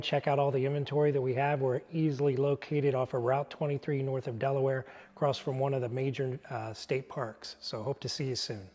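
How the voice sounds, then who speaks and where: A dealership manager giving a relaxed, plain promo greeting. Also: male voice, medium pitch. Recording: reverberant space.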